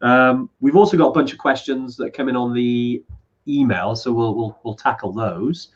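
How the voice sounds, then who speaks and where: A man's voice: medium pitch, moderate pace. A cheerful man co-hosts an online chat. He talks in a chummy way, dropping friendly asides to the audience. The sound is dull and muffled, as over a video call. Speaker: co-host.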